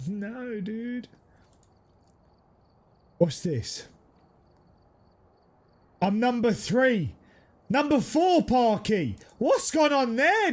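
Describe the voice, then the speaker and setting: A man streaming a game, chatting casually and teasing his viewers, quick to exclaim. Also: high-pitched. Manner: excitable, teasing, exclaims often. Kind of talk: casual live-stream chat.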